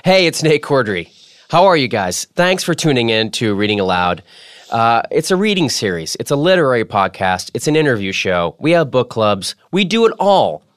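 A man's voice: mid-range voice, sing-song, normal speed, fairly bright tone, dry recording, clean studio sound. A man hosting a podcast in a casual chat style, playful and self-mocking as he jokes with his producer. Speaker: podcast host.

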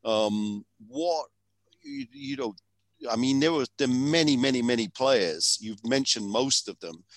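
A man's voice: mid-range voice, unhurried, dry recording. A man interviewing a guest, asking long questions full of fillers. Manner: hesitant, filler-heavy questions.

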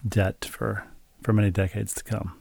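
A middle-aged man in a casual podcast chat, telling stories in a dry, deadpan way. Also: lowish voice, moderate pace, gravelly, breathy edge. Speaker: podcast co-host, father.

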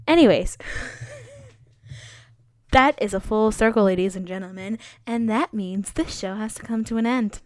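A young woman hosts her own solo podcast, rambling and wandering off topic. She pokes fun at herself and fills her talk with "like" and "you know." Her voice sits at a middle pitch and is recorded dry and close, with no room sound. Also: unhurried, long pauses, darkish tone, no room sound. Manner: chatty, self-deprecating, digressive, heavy on fillers. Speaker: podcast host.

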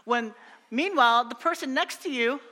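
A man's voice: very high-pitched, normal speed, sharp tone, long reverb tail. A young adult man preaching a sermon, earnest and exhorting, often repeating phrases for emphasis. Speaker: pastor.

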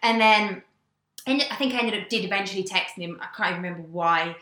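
A young woman from England telling a story in casual chat, animated and swearing, acting out the voices she quotes. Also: mid-range voice, fast, echoey room. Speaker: guest.

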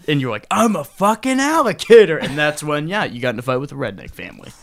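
Easygoing man with a lively voice. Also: medium pitch, racing, creaky. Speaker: podcast guest. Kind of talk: casual chat, recalling old times.

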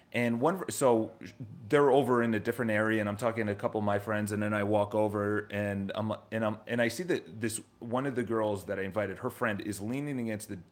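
A man in his thirties delivers a loose motivational monologue, jumping from one story to the next. He talks casually and swears at times. He often stumbles, restarts and repeats words before pushing on. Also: on the low side. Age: 30s.

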